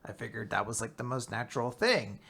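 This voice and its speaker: A woman hosting a podcast, casually recapping manga chapters and retelling the plot with quick acted-out quotes. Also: a bass voice, animated, a bit bright, slight background noise. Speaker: podcast host.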